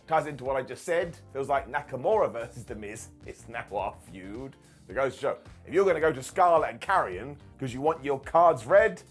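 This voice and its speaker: A British man casually reviewing a wrestling show as its regular host, joking and putting on quick mock voices. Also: on the high side, husky. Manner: animated, jokey, mock voices for quotes.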